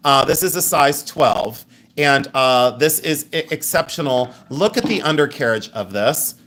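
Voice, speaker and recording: A woman's voice: sits low, expressive, a little slow, fairly bright tone, a little hiss or hum. A middle-aged woman hosting a live jewelry sale in a chatty, joking way, laughing often. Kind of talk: live-stream sales chat.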